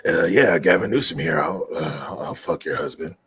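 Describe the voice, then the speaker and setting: Man doing a raspy sleazy politician. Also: moderate pace, a bit bright, heavily acted. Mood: smug mocking. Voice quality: raspy, low and drawling. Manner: smug, mocking, lazy delivery. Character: sleazy raspy middle-aged male politician.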